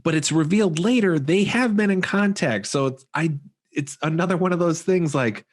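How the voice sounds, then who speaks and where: A man co-hosting a podcast, recapping a film in relaxed casual chat with many fillers. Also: a little high, moderate pace. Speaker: podcast co-host.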